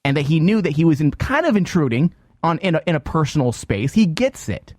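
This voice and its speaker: A man hosting a talk show, telling a story in casual chat, animated with quick restarts. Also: on the high side, no room sound, clean studio sound. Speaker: show host.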